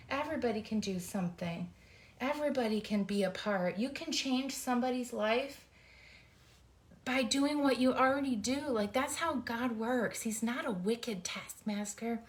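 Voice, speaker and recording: A middle-aged woman hosting a faith-based vlog, giving an earnest, emotional pep talk while folding t-shirts indoors. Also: fairly high pitch. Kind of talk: heartfelt encouraging talk.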